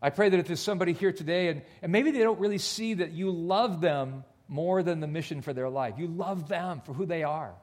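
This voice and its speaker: A male pastor preaching a sermon, earnest and personal, dropping almost to a whisper on soft points. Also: on the high side, a little fast, hardly any pauses. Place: church.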